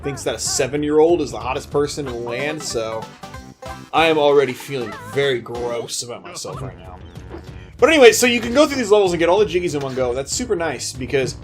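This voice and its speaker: A man co-hosting a video game let's play, rambling and joking casually and swearing freely. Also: on the high side. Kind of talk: casual gameplay commentary. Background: game music.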